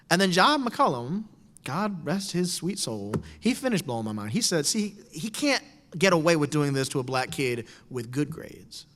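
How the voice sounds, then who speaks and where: A middle-aged man telling a wry personal story to an audience in a lecture hall. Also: on the high side. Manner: animated, wry, storytelling with quoted voices. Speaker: speaker giving a talk. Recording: lecture hall with long reverb.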